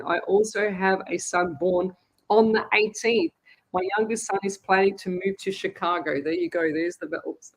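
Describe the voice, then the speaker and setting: An Australian woman, a psychic medium, hosting a live show and chatting frankly with her viewers. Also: medium pitch. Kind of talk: casual live-stream chat.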